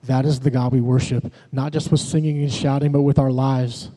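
A man's voice: medium pitch, little pitch movement, moderate pace, warm tone. A man, a pastor and worship leader, preaching a sermon in a conversational way, telling personal stories to his congregation. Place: church sanctuary. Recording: long reverb of a large hall.

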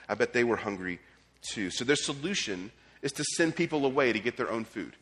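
A man's voice: medium pitch, lively intonation, fast talker, fairly bright tone, husky. A man preaching a sermon as pastor, conversational, with restarts and casual asides. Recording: long hall reverb.

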